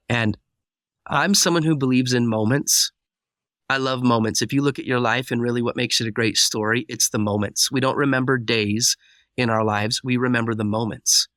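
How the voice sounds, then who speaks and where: A man recounts a personal story as a podcast guest, playing out each exchange as he goes. His voice is bright and forceful, recorded close and dry on a studio mic. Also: mid-range voice, no room sound. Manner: vivid storyteller who acts out dialogue. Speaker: guest speaker.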